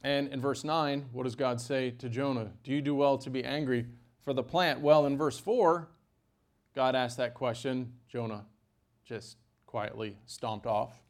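A man preaching a sermon at a mid-range pitch. He talks in an animated way, with sudden jumps up in pitch and volume. He adds dry asides between points. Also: a little slow.

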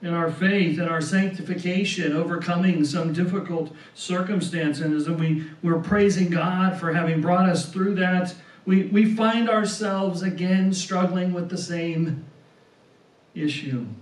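A man preaching a sermon, slow and deliberate, who often repeats words and tags on "right?". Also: high-pitched. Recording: roomy sound from a distance.

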